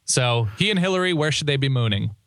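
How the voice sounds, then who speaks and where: A man's voice: medium pitch, animated, fast talker, a bit bright, dry recording, studio quality. A young man co-hosting a sports podcast, chatting casually in a joking, rambling way and often restarting his sentences. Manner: joking, rambling, self-correcting. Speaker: podcast co-host. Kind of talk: casual chat.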